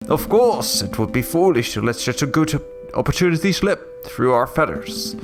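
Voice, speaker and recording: A man's voice: medium pitch, very animated, normal speed, over music, voice pushed up. A man voicing a pompous, greedy bird lawyer with a theatrical manner in a story game.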